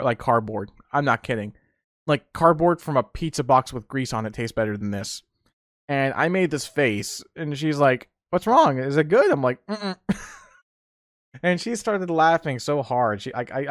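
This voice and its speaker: A young man hosts a casual solo podcast, telling rambling stories full of laughter and restarts. His voice is a little high, recorded in studio quality with no echo.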